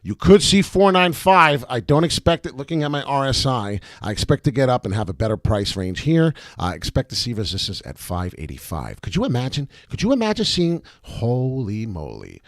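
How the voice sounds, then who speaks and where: A man hosting his own channel, chatting excitedly about crypto charts with lots of "uh" fillers and a voice that cracks now and then. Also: mid-range voice, fairly quick, hardly any pauses, no room sound, clean studio sound. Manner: breaks into loud off-key singing. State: voice cracking in the morning. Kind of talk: casual crypto chart commentary.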